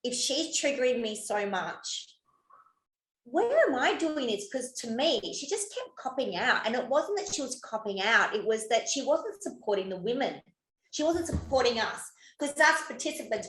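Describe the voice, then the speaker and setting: A woman's voice: on the high side, expressive, moderate pace, a bit bright, echoey room, poor audio. A woman co-hosting a podcast in casual chat, who swears freely and laughs often. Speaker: podcast co-host.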